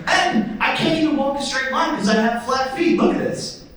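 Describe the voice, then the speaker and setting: A young man doing stand-up comedy in a theatre, telling stories in an animated way and acting out voices. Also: moderate pace, very echoey, recorded from a distance, low-quality recording. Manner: animated, acts out voices with sudden high squeals. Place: theatre stage before a live audience.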